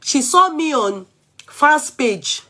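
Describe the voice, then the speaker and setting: Animated Nigerian woman vlogger. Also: high-pitched, slow. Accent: Nigerian English. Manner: mixes English, Yoruba and pidgin, animated. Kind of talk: casual chat.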